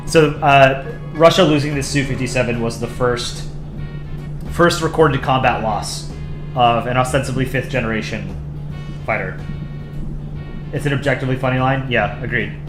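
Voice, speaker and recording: A man's voice: medium pitch, unhurried, pauses often, echoey room, music in the background. A man hosting a livestream, chatting in a rambling way with lots of fillers and little laughs. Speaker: livestream host. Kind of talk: casual livestream commentary.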